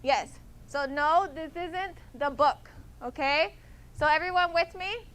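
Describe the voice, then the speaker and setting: A woman teaches Spanish slowly and patiently, her high voice fairly bright. She makes sure students keep up, repeating points and frequently asking "okay?"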